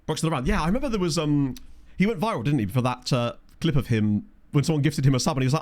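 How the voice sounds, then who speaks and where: A man's voice: on the high side, expressive, fast talker, a little mellow. A man with a chatty, jokey manner, live-streaming a management game and reading out stats while talking to chat.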